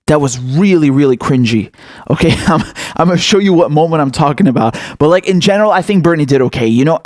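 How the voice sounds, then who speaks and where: A man's voice: on the high side, no room sound, clean studio sound. A man hosting political commentary, ranting angrily and swearing often. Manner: angry, profane, ranting.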